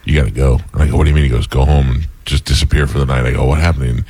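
A man hosting a casual talk show, telling animated stories with laughter. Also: very deep voice, very fast, slightly rough. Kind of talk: casual storytelling chat.

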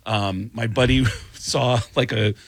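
A man's voice: medium pitch, slow. A comedian guest telling a tour anecdote in casual chat, acting out the people he quotes. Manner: animated anecdote teller acting out quoted voices. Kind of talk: casual storytelling.

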